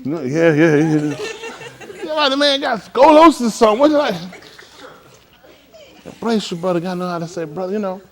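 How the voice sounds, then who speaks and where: Lively joking man coaching a class. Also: sits high, brisk, long pauses. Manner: joking, laughing, animated coaching. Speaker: class instructor.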